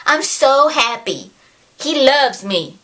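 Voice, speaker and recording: A woman's voice: sits high, expressive, slow, a bit bright, pitched above the performer's own voice, heavily acted. A woman mockingly voicing a devoted male henchman as clingy and childish, with a whiny tone. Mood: gushing.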